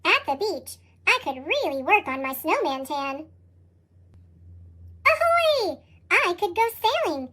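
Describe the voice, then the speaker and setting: A cheerful, dreamy snowman from a picture book, as a reader puts him on muses wistfully. The voice is squeaky and sped up like a chipmunk. Its pitch is very high and bounces lively. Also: takes it slowly, long pauses, heavily acted. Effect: sped-up chipmunk pitch shift.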